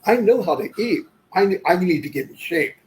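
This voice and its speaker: A man's voice: high-pitched, animated, a little fast, rough recording. A man chatting casually on a livestream, rambling and losing his thread, often moving on with "anyway". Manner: says "anyway" often to move on. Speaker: livestream host.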